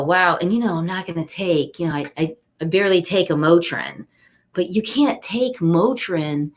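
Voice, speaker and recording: A middle-aged woman giving an inspirational card reading on a webcam live stream, chatty and upbeat, speaking straight to her viewers. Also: on the low side. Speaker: angel card reader.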